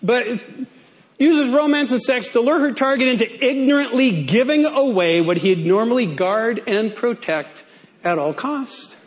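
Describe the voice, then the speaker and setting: A man's voice: very high voice, animated, measured pace. A male pastor preaching a sermon in a playful way, stretching key words out for emphasis.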